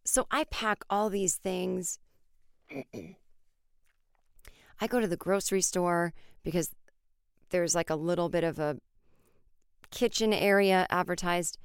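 A woman in her forties tells a comic story on her podcast, jumping into other people's voices as she goes. Her voice is smooth and clear, and she keeps the delivery casual with frequent swearing. It is recorded dry and close, with no room sound. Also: fairly low pitch, unhurried, pauses often, no room sound. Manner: animated, acts out voices in quotes, swears freely. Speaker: podcast host.

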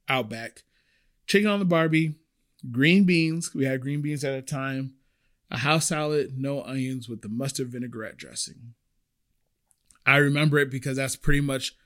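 A young man hosting a podcast, telling a personal service-industry story and acting out the people in it. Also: fairly high pitch. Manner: animated, acts out quoted voices. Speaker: podcast host.

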